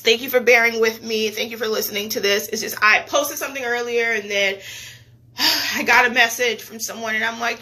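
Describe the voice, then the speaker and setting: A woman speaks in a bright, forward voice pitched a little high, confiding in her viewers through a personal video diary. Her delivery is earnest and halting, with emotional restarts. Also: steady tone. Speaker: lifestyle vlogger.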